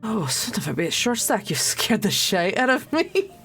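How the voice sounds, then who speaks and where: A woman's voice: medium pitch, sing-song, moderate pace, fairly bright tone, soft background music, voice pushed up. A woman voicing a brash, swearing man drinking at a bar, teasing and crude.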